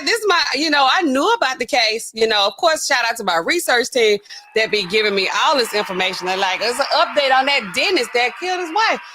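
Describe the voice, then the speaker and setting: A woman pharmacist hosting a casual livestream and talking to her chat in an animated, chatty way full of fillers. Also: high voice, slight background noise.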